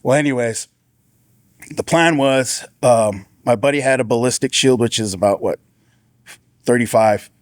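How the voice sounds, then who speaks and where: A man, a former deputy, giving an earnest personal testimony in a casual storytelling way, with frequent restarts and raised-pitch impressions of the people he quotes. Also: unhurried, long pauses, no echo, studio quality.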